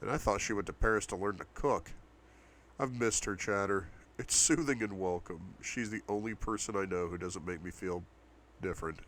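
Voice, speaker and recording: A man's voice: sits low, moderate pace, a bit bright, a little hiss or hum. A young man reading a novel aloud for a book club, with asides to his viewers. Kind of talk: audiobook-style reading.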